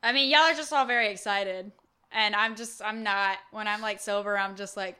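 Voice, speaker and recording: A woman's voice: mid-range voice, fairly even intonation, moderate pace, sharp tone, smooth. A woman from the United States in casual chat, blunt and sarcastic, swearing freely.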